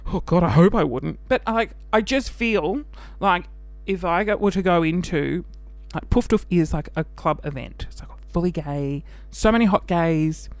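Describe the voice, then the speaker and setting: A man's voice: high-pitched, no room sound. A man with an Australian accent, chatting animatedly and camply, hosting his own show. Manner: chatty and animated, camp, laughing, with quick bursts of mock voices. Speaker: podcast host. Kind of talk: casual chat.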